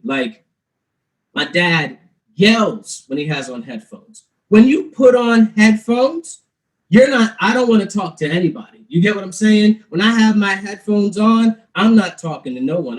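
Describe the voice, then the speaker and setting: A young man doing a stand-up comedy set, telling his stories in an animated, loose way. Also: high voice, low-quality recording. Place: live-streamed show.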